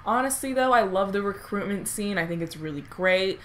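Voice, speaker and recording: A woman doing casual reaction commentary on a movie, gushing, laughing and swearing excitedly. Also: medium pitch, a little fast, a little hiss or hum.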